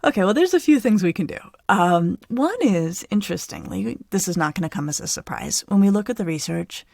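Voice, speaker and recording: A middle-aged woman psychologist hosting a podcast, explaining conversationally with an animated, easy manner. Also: mid-range voice, a little fast, gravelly, dry recording, clean studio sound. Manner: animated, explanatory, laughs easily. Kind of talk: conversational expert advice.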